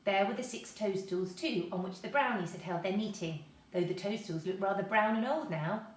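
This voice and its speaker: A woman reading a children's story aloud, lively and expressive. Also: medium pitch, normal speed. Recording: echoey room, mic at a distance.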